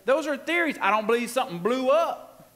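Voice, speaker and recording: Lively intonation and a very high, fairly bright voice mark this man as he preaches a little fast, soft music playing behind him. He's a pastor in a church sanctuary, folksy and emphatic, laughing often and trading call-and-response with the congregation. Long hall reverb fills the space.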